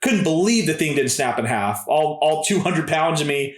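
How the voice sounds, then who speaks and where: A man's voice: a little high, expressive, moderate pace, roomy sound. A man in his thirties, a podcast guest telling stories in a casual, laid-back way and often calling people "dude" and "man". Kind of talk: casual storytelling.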